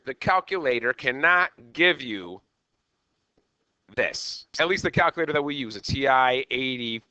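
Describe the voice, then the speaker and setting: A man running a math lesson in an animated, bouncing voice that sits a little high and rings bright. He keeps checking in with "okay" as he goes. The sound is dry and a bit dull, like a lo-fi recording. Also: normal speed, no echo. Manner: animated, repeats "okay" often. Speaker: math teacher. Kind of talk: classroom lecture.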